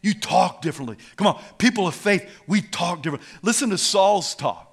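A male preacher delivering a dramatic sermon, swinging from shouts down to hushed whispers. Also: high-pitched, expressive, moderate pace, gravelly, slightly rough.

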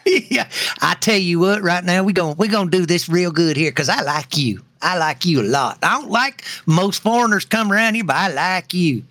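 A man's voice: high-pitched, normal speed, fairly bright tone, no room sound, voice pushed up. A man voicing a folksy small-town shopkeeper who is chummy with a customer but wary of outsiders, in a drawling, raised voice.

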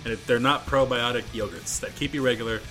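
A man's voice: medium pitch, fairly even intonation, quick pace, a bit bright, soft background music. A man in his thirties, co-hosting a podcast and rambling through stories with frequent laughter. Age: 30s. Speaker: podcast co-host. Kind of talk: casual podcast banter.

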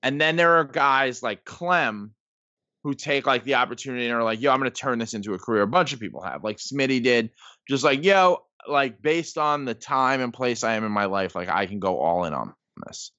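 A man's voice: mid-range voice, expressive, fairly quick, pushed and bright, dry recording. A man in his thirties, a podcast guest, telling stories in a casual, rambling way full of "like" and "um". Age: 30s. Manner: rambling, heavy use of "like" and "um". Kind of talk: casual storytelling. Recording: dull lo-fi podcast audio.

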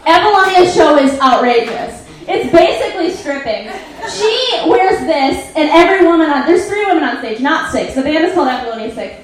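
High-voiced sarcastic woman comic, echoey room. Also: lively intonation, brisk, hardly any pauses. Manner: sarcastic, profane, laughing asides. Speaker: comedian presenting slides. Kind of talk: live stand-up movie recap. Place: live comedy venue.

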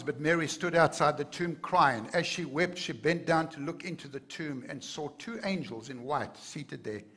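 A man's voice: a little high, a bit bright, slightly rough. A man preaching a sermon to his congregation, earnest and building to fervent emphasis. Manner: addresses the congregation directly. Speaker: pastor.

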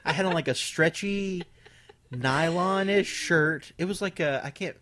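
A woman co-hosting a podcast, chatting casually in an expressive way, laughing often and repeating herself. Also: on the low side, a little slow, a crowd in the background. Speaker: podcast co-host. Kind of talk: casual chat.

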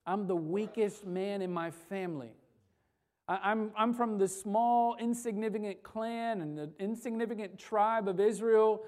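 A woman's voice: medium pitch, steady tone, unhurried, darkish tone, natural voice. Gideon, a woman voicing a frightened doubting man. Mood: self-pitying. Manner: incredulous, pleading questions.

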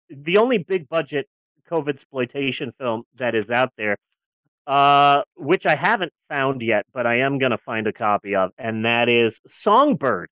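On a laid-back movie-review podcast, a co-host swears and uses sarcasm freely, alternating loud eruptions with quiet grumbling. There's no room sound in the recording.

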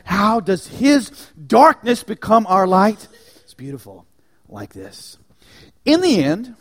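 A male pastor preaching a sermon, swinging from hushed, near-whispered lines to loud, ringing declarations. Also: fairly high pitch, slightly rough. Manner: dynamic preaching, dropping to near-whispers and rising to shouts.

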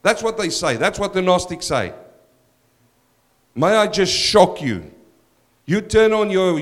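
A man preaching a verse-by-verse sermon as pastor, emphatic and direct, addressing his congregation. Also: sits high.

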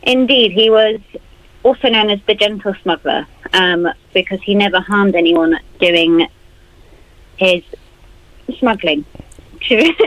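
A woman's voice: medium pitch, takes it slowly, long pauses, a bit bright, dry recording, poor audio. A young woman, a university student, explaining an event earnestly in a radio interview.

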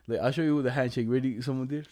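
A man's voice: medium pitch, steady tone, racing, a little mellow. A young man casually telling a rambling, slangy story to a friend, laughing along and quoting others in put-on voices.

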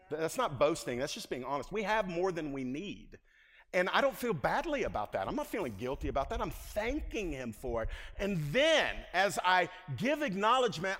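A middle-aged male pastor preaching a sermon in a church, conversational with quiet asides and loud emphatic peaks. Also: a little high. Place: church sanctuary. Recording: long hall reverb.

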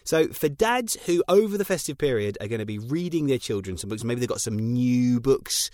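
British male co-host, eager explainer, lively pitch, dry sound. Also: normal speed, no room sound. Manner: enthusiastic, explaining. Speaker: podcast co-host. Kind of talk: casual chat.

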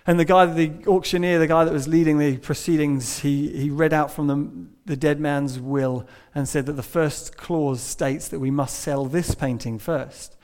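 A man preaching a sermon, telling a story and moving between hushed and emphatic delivery. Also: on the high side.

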